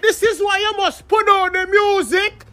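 A man's voice: very high voice, fairly even intonation, a little slow, bright, forceful tone, pitched above the performer's own voice, full character voice. A man voicing a strict, hot-tempered Jamaican uncle in a comedy skit, scolding and exclaiming in outrage. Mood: outraged.

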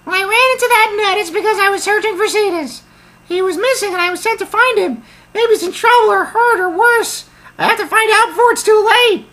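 Shrill, bright, rambling cartoonish male dolphin for a game. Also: a little fast. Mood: panicked. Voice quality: squeaky, birdlike. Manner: rambling, excitable. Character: chatty, hasty male dolphin.

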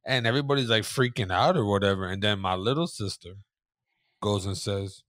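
A man co-hosting a podcast, telling a story in a casual, animated way and swearing freely. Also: on the low side, brisk, no echo, clean studio sound. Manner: animated, swearing, shouts when acting out scenes. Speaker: podcast co-host.

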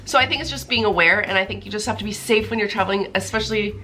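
A woman's voice: mid-range voice, very fast, soft background music. A young woman in her twenties chatting casually in a couple Q&A, giggly and rambling through long answers. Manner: giggly, lively, talks in long run-on answers. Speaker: YouTuber and girlfriend answering questions.

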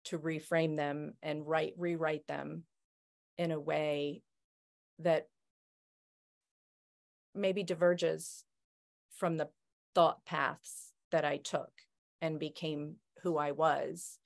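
A woman's voice: sits low, level tone, slow, gravelly, pauses often. A woman sharing self-help tips with a group in a thoughtful, casual way, often restarting her sentences. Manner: thoughtful, many restarts and "right?". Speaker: circle member sharing tips. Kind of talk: reflective casual talk.

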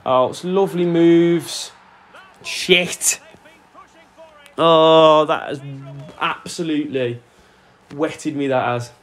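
A young man giving excitable, sweary commentary over a football video game, shouting at his players. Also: fairly high pitch, takes it slowly, long pauses. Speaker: gaming YouTuber. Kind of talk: live gameplay commentary. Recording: faint music under voice.

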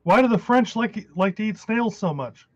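A man's voice: sits high, lively intonation, moderate pace, darkish tone, lo-fi sound. A man voicing a knight who tells a corny joke with a punchline delivery. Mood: joking.

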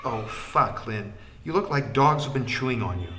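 A man voicing a brash, foul-mouthed male fixer who talks loudly and excitably. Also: mid-range voice, moderate pace, lightly acted. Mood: agitated. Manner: swearing, loud and excitable.

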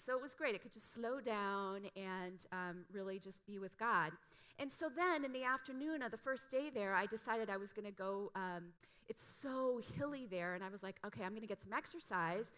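A woman's voice: medium pitch, normal speed, bright, forceful tone. A middle-aged woman preaching a conversational sermon, telling a personal story in a chatty, self-deprecating way full of "like" and "you know". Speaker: guest preacher. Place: church sanctuary.

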